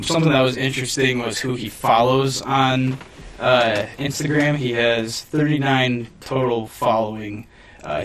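Slightly off the mic and sounding distant, a male podcast co-host with a mid-range voice talks in loose, casual conversation. He meanders and hedges, restarting often and leaning on fillers.

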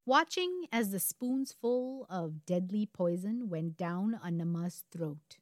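A woman's voice: mid-range voice, animated, slow pace, dry recording, studio quality. Woman telling a true crime case. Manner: conversational, wry asides. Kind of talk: casual true crime storytelling.

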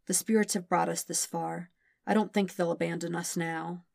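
A woman reading as a gentle young prince with quiet, steady reassurance. The storybook voice sits low and dry, close to the microphone. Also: moderate pace, gravelly, no echo. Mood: reassuring.

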